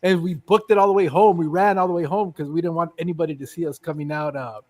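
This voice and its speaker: A man in his fifties with a fairly high voice, telling a story at a relaxed conversational pace. He is animated and slips into the voices of the people in his tale, swearing casually as he goes. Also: fast talker. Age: 50s.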